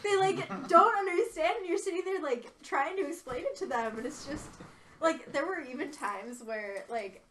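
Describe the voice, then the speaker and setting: A woman guest on a podcast rambles in casual chat, filling her sentences with "like." Her voice is high, and she sounds far from the microphone with a faint hiss underneath. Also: animated, normal speed, a bit bright. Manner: rambling with frequent "like".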